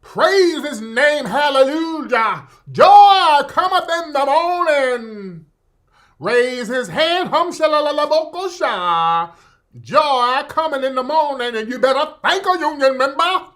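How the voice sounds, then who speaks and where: A man's voice: very high-pitched, animated, slow pace, fairly bright tone, pitched above the performer's own voice, heavily acted. A man doing a mocking impression of a woman preaching in an exaggerated churchy singsong.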